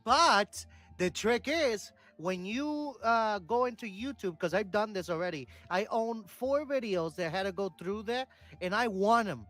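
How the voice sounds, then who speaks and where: A man's voice: high-pitched, animated, a little slow, few pauses, a bit bright. A man co-hosting a live stream, talking loosely and rambling, with swearing. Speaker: co-host. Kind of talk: casual chat on a live stream.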